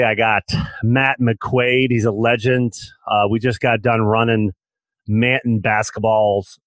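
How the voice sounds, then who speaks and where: A man's voice: medium pitch, a bit bright, no echo. A man hosting a podcast, chatting in a playful, joking way with many restarts. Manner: playful, jokey, lots of restarts. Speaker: podcast host. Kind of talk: casual interview chat.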